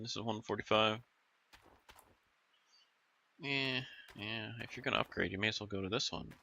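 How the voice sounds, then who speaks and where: A man's voice: lowish voice, creaky, pushed and bright, lo-fi sound. A man giving casual, rambling commentary while playing a video game, musing aloud with plenty of fillers. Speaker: gaming YouTuber.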